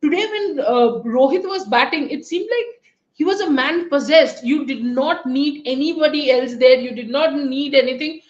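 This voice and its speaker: A woman with a high voice hosts a live cricket analysis show, pausing often on fillers. Her audio sounds roomy and slightly dull, like a remote call. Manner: animated, hesitant fillers. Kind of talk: live post-match analysis.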